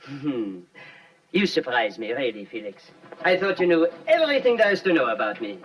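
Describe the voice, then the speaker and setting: A man's voice: mid-range voice, big pitch swings, moderate pace. An actor playing a man who poses as a rich businessman, stalling with playful, evasive answers in 1950s film acting. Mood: smooth. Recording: distant old film soundtrack with music.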